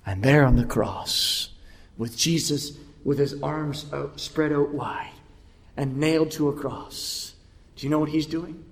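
Male preacher, slightly high voice, hushed to loud, reverberant hall sound. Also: unhurried. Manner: dramatic swings from hushed whispers to loud cries. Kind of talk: sermon. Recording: echoey hall.

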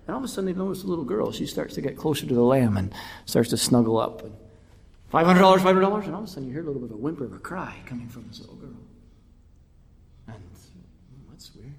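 A man preaching a sermon with dramatic swings between hushed whispers and loud cries. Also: mid-range voice, big pitch swings, quick pace, creaky. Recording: echoey hall.

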